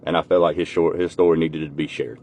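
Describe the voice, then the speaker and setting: A man telling a personal story in a casual, folksy way, swearing now and then and going quiet and soft at the emotional parts. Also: fairly even intonation, fast talker. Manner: folksy, swears casually, voice drops low and soft when moved. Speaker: storyteller uncle.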